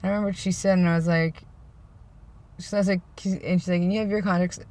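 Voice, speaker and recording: A man's voice: high-pitched, fairly even intonation, fast talker, darkish tone. Male vlogger, loose rambling chat, dry sarcastic humor. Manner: rambling, self-described sarcastic joker. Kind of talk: casual vlog monologue.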